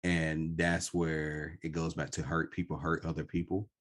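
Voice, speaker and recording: Deep-voiced man, slow and earnest. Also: little pitch movement. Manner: slow, earnest, personal storytelling. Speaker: podcast host. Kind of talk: reflective podcast conversation.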